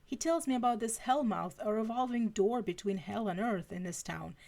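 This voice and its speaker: A cool, skeptical female FBI agent who speaks firmly and in clipped phrases, as a woman reads her. She stays level and unconvinced throughout. Her voice carries a gravelly fry. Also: mid-range voice, normal speed, a little mellow, natural voice.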